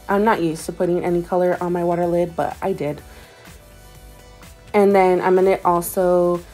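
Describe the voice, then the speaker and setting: Woman, lower register, relaxed rambling tutorial voice-over with light music under it. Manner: rambling, self-correcting, chatty with many fillers. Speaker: beauty vlogger. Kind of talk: casual makeup tutorial voice-over.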